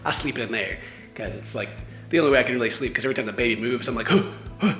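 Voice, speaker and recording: A young man vlogging as a new father, telling stories in a lively, casual way and slipping into little voices for the people in them. His pitch sits at an ordinary middle height, with faint music running underneath. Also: very fast, reverberant. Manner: animated storytelling, acts out voices. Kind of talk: casual family vlog chat.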